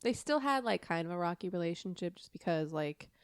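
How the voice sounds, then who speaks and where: A woman recounting a story on a podcast with a bouncy, animated voice that rises and falls a lot. She rambles and laughs along the way, her words recorded close and dry with no room sound. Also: fairly low pitch, fairly quick, clean tone, no room sound. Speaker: podcast co-host telling a true story. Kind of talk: casual podcast chat and storytelling.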